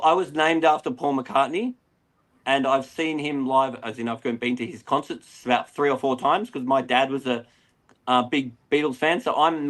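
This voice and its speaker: A middle-aged Australian man, an aquarium retailer, chatting casually as a guest and rambling through stories. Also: mid-range voice. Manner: rambling, animated storyteller. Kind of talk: casual interview chat.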